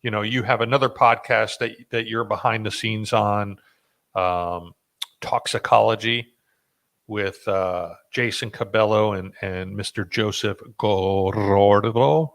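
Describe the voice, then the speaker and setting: Male podcast host, low-pitched, casual, jokey, lots of ums and restarts. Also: steady tone, measured pace, vocal fry, a bit bright. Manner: loose and joking, with frequent fillers and restarts.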